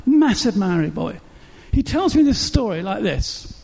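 A man's voice: sits high, very animated, unhurried, creaky, darkish tone, long reverb tail. A man preaching a sermon, telling stories emphatically. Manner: emphatic storytelling.

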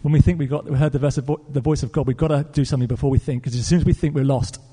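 An Englishman preaching a sermon, telling a story in an earnest, animated way with fillers and restarts. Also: mid-range voice, racing, husky. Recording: long reverb of a church hall.

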